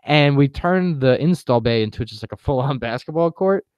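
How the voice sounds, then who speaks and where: Smooth-voiced young man joking on a podcast. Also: mid-range voice, animated, normal speed, darkish tone, dry recording, dull audio. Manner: laid-back, joking, casual swearing. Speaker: podcast co-host. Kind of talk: casual chat.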